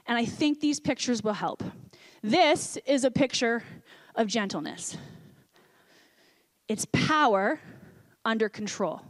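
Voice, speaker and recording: A woman pastor delivering a sermon, earnest, dropping to a soft hush on quoted lines. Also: on the high side, lively intonation, slow, long pauses.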